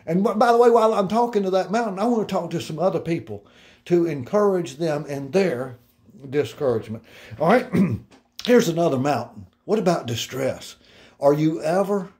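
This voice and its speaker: A middle-aged male pastor delivers a sermon in a warm, mellow voice that sits a little high. He talks to the congregation earnestly and casually, full of restarts and personal asides. He slows right down to read scripture passages aloud.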